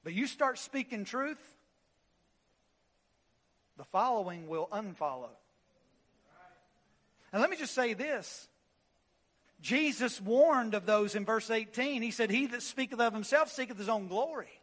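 A pastor preaching with a strikingly high, bright and forceful voice. He hammers points by repeating them and restarts his words as he pushes on. His sermon rings with a long reverb through a church hall. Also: expressive, measured pace, long pauses. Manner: emphatic preaching with repetitions and stammered restarts.

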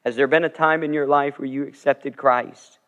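A man's voice: mid-range voice, steady tone, normal speed, muffled recording. A man preaching a sermon as pastor, telling stories earnestly and swelling with emphasis. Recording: long reverb of a large sanctuary.

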